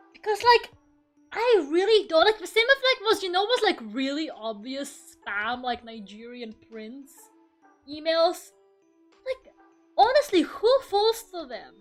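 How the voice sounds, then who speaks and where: A woman's voice: very high-pitched, fairly bright tone. A young woman from Russia chatting casually during an art stream, swearing freely, laughing often and rambling. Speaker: VTuber streamer.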